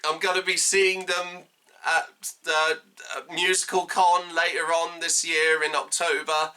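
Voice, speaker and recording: A man's voice: fairly high pitch, flat delivery, unhurried, pushed and bright, smooth. A young man hosting a fan stream, gushing and laughing often as he wraps up. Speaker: fan host of a themed stream. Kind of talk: casual emotional fan commentary.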